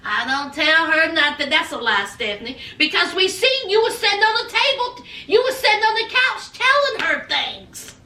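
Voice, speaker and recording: Woman with a very high, bright voice, sassy recap host, roomy distant sound. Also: very animated, moderate pace, hardly any pauses, a little hiss or hum. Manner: sassy, scolding, talks straight to the people she recaps. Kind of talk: casual recap commentary. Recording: echoey room, distant from the mic.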